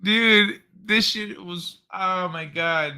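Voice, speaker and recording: Dude hosting a chill late nite show, kinda high bright voice, slow talker, laughs a lot. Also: male voice, smooth. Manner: laid-back, laughs often, swears casually. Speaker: host. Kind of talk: casual reaction commentary.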